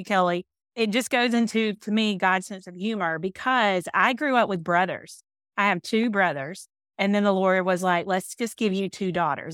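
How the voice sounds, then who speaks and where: A woman's voice: mid-range voice, clean tone, no echo, studio quality. A woman in her thirties from Alabama with a Southern accent, chatting openly as a podcast guest about her family and faith. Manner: open, chatty, warm storytelling. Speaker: podcast guest, speaker and author. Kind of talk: casual chat.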